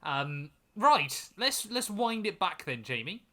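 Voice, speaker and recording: A young man co-hosts a casual chat, his fairly high voice bouncing around with lots of melody. The tone is bright and forward, and he keeps up a lively, self-mocking run of quick asides. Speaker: podcast co-host.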